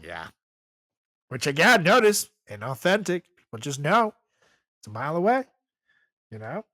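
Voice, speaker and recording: A man's voice: a little high, very animated, normal speed, sharp tone, no room sound. A man in his thirties co-hosting a comedy podcast, riffing in a profane, laughing, casual way. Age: 30s. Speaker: podcast co-host.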